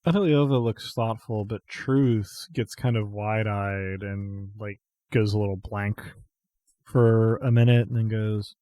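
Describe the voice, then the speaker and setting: A man narrates as game master of a tabletop game, relaxed and a little hesitant. His low, mellow voice moves slowly, and the sound is dry and close. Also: no room sound.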